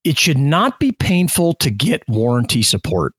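A man's voice: mid-range voice, wildly swooping pitch, normal speed, a bit bright, breathy edge, no echo. A man co-hosting a casual business podcast, explaining ideas with examples and restarting his sentences often. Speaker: podcast co-host.

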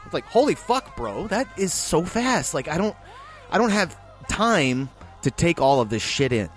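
Male co-host, slightly high voice, blunt and profane film critic, casual podcast chat. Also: moderate pace, faint music behind. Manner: blunt, heavily profane ranting; animated, voice jumping high when worked up.

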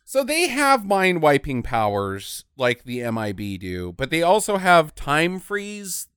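Animated, foul-mouthed woman riffing on a movie. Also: low voice, measured pace, smooth, no echo, clean studio sound. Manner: profane, animated, jokey. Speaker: podcast co-host. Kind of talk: casual movie-riffing chat.

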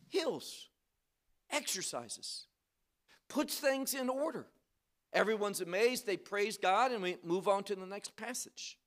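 Man, high-pitched, unhurried conference Bible teacher; emphatic and questioning, sharp shifts in loudness. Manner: emphatic, rhetorical questions, slow deliberate phrasing; wide swings between soft and loud.

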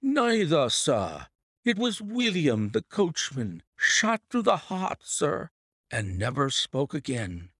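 A man's voice: fairly high pitch, wildly swooping pitch, slow, fairly bright tone, husky, no room sound, studio quality, pitched above the performer's own voice, heavily acted. A man voicing a frantic butler who gasps out urgent news. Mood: alarmed. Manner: gasping, breathless. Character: frantic male butler bursting with bad news.

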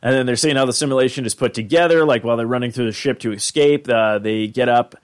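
A man's voice: medium pitch, fast. Rambling podcast host, man. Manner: rambling, many fillers. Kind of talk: casual episode recap.

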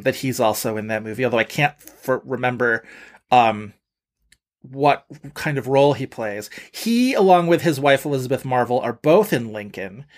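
A man co-hosting a casual film podcast, rambling with lots of filler words as he talks through movies. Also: medium pitch. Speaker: podcast co-host. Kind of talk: casual film-review chat.

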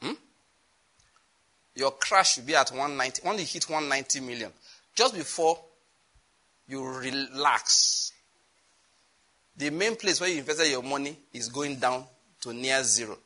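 A man preaching a lively sermon, acting out dialogue and breaking into laughter. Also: mid-range voice, unhurried, long pauses.

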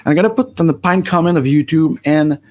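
A man's voice: a little high, a little fast, a little mellow. A French-Canadian man in his forties with a Quebec French accent, hosting a rambling live stream with many fillers and restarts. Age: 40s. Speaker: livestream host.

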